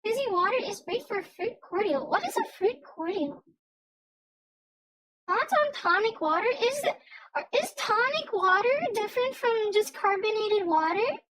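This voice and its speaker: A woman's voice: very high-pitched, lively intonation, a little slow, pauses often, fairly bright tone, low-quality recording. A young woman streamer in casual livestream chat, rambling and often stammering and restarting her sentences.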